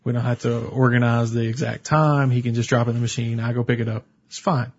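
A husky-voiced man chats casually as a podcast co-host, spinning out an anecdote with animated storytelling. His pitch sits in the middle range. The recording sounds dull and lo-fi. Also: fast. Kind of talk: casual chat.

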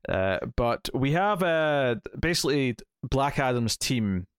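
A man's voice: medium pitch, expressive, slow, clear, resonant tone, dry recording, clean studio sound. A man co-hosting a comic book podcast, recapping issues in a rambling, casual way with many fillers. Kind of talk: casual chat.

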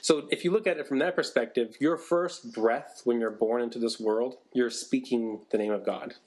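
A man's voice: medium pitch, normal speed, darkish tone. A man co-hosting a podcast who explains ideas in a casual chat and keeps checking in with "right?". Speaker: podcast co-host.

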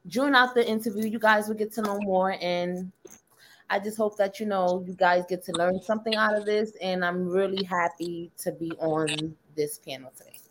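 A woman in her early thirties introducing herself on a panel, relaxed and earnest, with many fillers. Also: on the low side, slight background noise. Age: 30s. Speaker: panel guest. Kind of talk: casual personal introduction.

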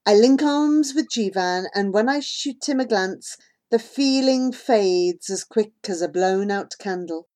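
A woman narrating an audiobook in an expressive, unhurried storytelling manner. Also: medium pitch. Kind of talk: audiobook reading.

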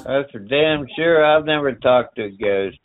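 A man talking casually, musing about faith and spirit in a gravelly voice. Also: mid-range voice, normal speed, phone-quality sound, music in the background. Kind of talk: casual chat.

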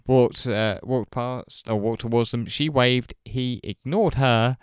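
A man's voice: medium pitch, measured pace, hardly any pauses, clear, resonant tone, dry recording. A man co-hosting a podcast, chatting casually and chuckling often. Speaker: podcast co-host.

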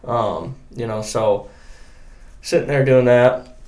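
A man's voice: medium pitch, takes it slowly. A young man from Michigan telling a story in a casual podcast chat, acting out the quotes of other people. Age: young adult. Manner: animated storyteller, acts out quotes. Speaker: guest angler.

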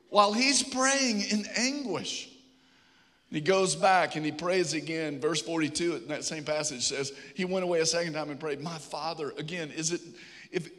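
A man's voice: high voice, fairly bright tone, big-room sound. A man preaching a sermon to his congregation, urging and pleading with them. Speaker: pastor.

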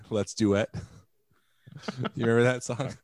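A man's voice: mid-range voice, steady tone, extremely slow, a little mellow, no room sound. A man co-hosting a podcast, rambling playfully in casual chat. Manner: rambling, playful, sings snatches of songs. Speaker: podcast co-host.

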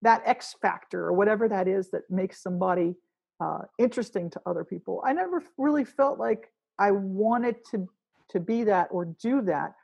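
A woman's voice: mid-range voice, moderate pace, gravelly, darkish tone, breathy edge. A woman musician talking casually in an interview, rambling with restarts as she thinks aloud. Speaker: musician guest.

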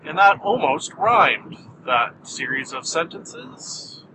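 A man hosting a solo podcast, talking in a wry, deadpan, self-mocking way with jumpy, animated delivery. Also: on the high side, slow pace, noisy background. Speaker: podcast host.

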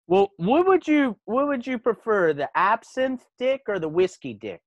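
Laid-back buzzed man, teasing, very animated intonation, dry close sound. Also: extremely high pitch, a little slow, no echo, lo-fi sound. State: slightly buzzed from beer. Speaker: guest, comic book writer. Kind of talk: casual chat.

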